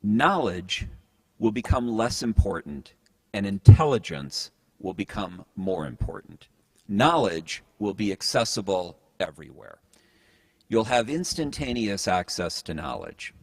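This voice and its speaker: Low-voiced man giving an earnest motivational talk. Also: sing-song, a little slow, darkish tone, no room sound. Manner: earnest storytelling, repeated restarts. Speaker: speaker.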